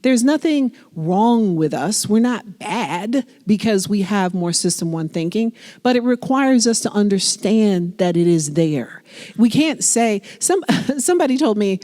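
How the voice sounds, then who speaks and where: A woman in her forties giving a public lecture on leadership, lively and conversational, acting out the people she quotes. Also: mid-range voice, a little slow. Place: lecture hall.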